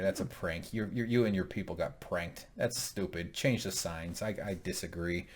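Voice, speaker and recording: Deep-voiced joking male co-host. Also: moderate pace. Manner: joking, rambling asides. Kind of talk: casual recap chat.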